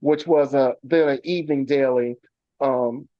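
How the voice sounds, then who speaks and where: A man's voice: mid-range voice, steady tone, a little slow, dark tone, no room sound. Man, journalist guest, remote. Storytelling with restarts; muffled, dry call sound. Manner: rambling anecdotes with many fillers and restarts. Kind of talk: remote radio interview, storytelling. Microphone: video call. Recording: dull lo-fi call audio.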